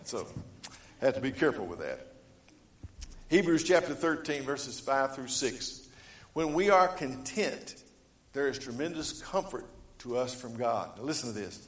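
A man preaching a sermon, reading scripture and swinging between loud emphatic lines and quiet ones. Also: animated, moderate pace, reverberant. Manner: rises to loud emphatic preaching, then drops low; reads scripture aloud in old-fashioned wording. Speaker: pastor.

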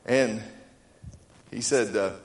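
A man's voice: lowish voice, takes it slowly. A male pastor preaching a sermon in a folksy storytelling way, acting out the voices in his stories. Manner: folksy storytelling, acts out dialogue. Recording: echoey room.

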